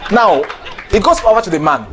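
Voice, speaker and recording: A man's voice: high-pitched, lively intonation, fairly quick, a crowd in the background, noisy background. A comedian host delivering a playful comic monologue and often laughing through his lines. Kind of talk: stand-up style comic monologue.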